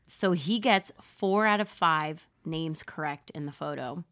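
A woman's voice: sits low, a little slow, a bit bright. A woman hosting a podcast, casually telling a true crime story with profanity and laughs. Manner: profane, laughing, conversational narration.

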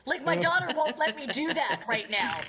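A woman in her thirties chatting on a podcast, telling animated stories and acting out scenes with sudden screams. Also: high voice, normal speed, crowd noise. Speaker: guest comedian. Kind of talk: casual podcast chat.

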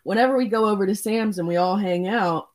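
A woman's voice: mid-range voice, fairly quick. A young woman co-hosting a casual podcast over a video call, swearing freely and laughing often as she chats. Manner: animated, profane, laughing often. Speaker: podcast co-host.

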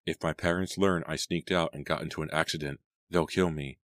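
A man voicing an anxious teenage girl who speaks in a shrill, frantic way. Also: steady tone, brisk, no room sound, clean studio sound. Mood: worried.

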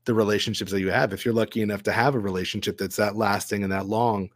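A man's voice: on the low side, fairly even intonation, quick pace, dry recording. A man talking as a guest in a casual film discussion, thoughtful and rambling with many fillers. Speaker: guest writer and director.

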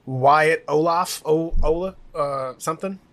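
Rambling, animated man recapping TV. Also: fairly high pitch, measured pace. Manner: rambling, animated, laughs often. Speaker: podcast co-host. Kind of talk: casual TV recap chat.

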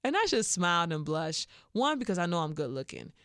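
A young woman from Chicago with a Chicago accent, hosting a podcast and telling a story in a casual, animated way, acting out what people said. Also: fairly low pitch, brisk, no echo, clean studio sound. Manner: animated, acts out quoted voices with laughs. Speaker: podcast host.

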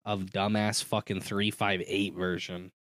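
A man's voice: lowish voice, little pitch movement, measured pace, a bit bright, no echo, studio quality. A man co-hosting a podcast in casual chat, ranting with plenty of swearing and laughter. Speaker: podcast co-host.

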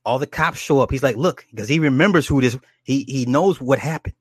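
A man recounting a horror film's plot in an excited, swearing, rambling way, stumbling over restarts as he goes. His voice sits at an ordinary middle pitch, and the recording is dry and close, with no room sound. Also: a little fast, husky, dry recording. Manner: animated and profane, with many restarts and acted quotes. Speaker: storyteller recounting a horror movie. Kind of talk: casual rambling plot retelling.

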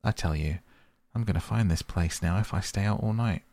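A man's voice: deep voice, fairly quick, darkish tone. A man reading the part of a kindly, hearty male water rat in a storybook, talking in a bluff, cheerful way.

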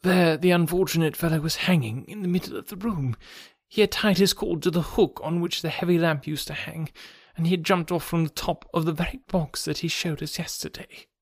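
A man doing a shrill panicked doctor. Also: a little fast, hardly any pauses, no room sound, clean studio sound. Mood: distraught. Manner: shrill, frantic and breathless. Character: panicked middle-aged male doctor.

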